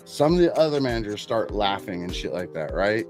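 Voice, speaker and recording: A man's voice: fairly low pitch, big pitch swings, brisk. A man, telling a long workplace story in a casual, profane, self-mocking way. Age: 40s. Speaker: podcast host. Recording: music playing underneath.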